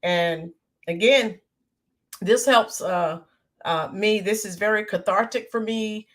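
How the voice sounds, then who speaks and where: An American woman hosts a casual livestream chat, greeting viewers by name and using lots of filler "ums." Her medium-pitched voice is slightly hoarse from screaming the day before, and she speaks slowly.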